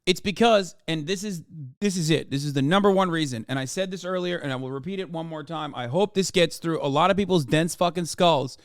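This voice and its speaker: A man streaming casual reaction commentary, rambling with fillers and swearing, turning loud and heated when he rants. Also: fairly high pitch, a little fast, no room sound, clean studio sound. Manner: profane, rambling, with frequent fillers.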